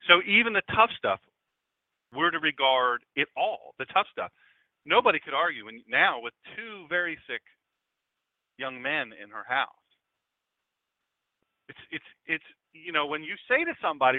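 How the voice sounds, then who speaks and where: A man, a pastor hosting an internet radio show, talking in a folksy, animated, conversational preaching style straight to his listeners. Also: on the high side, normal speed, long pauses, no echo. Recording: dry, phone-like lo-fi line.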